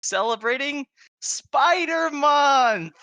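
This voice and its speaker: A man's voice: extremely high pitch, animated, takes it slowly, bright, forceful tone, no echo. A young man co-hosting a podcast, bantering casually in a playful, mock-stern way. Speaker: podcast co-host and channel owner.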